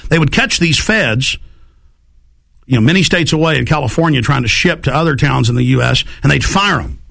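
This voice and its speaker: A man hosts a talk radio show with a gravelly voice. His pitch sits a little high, and he rambles through an animated monologue, putting on voices for the people in his stories. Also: a little fast. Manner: rambling, acts out quoted voices.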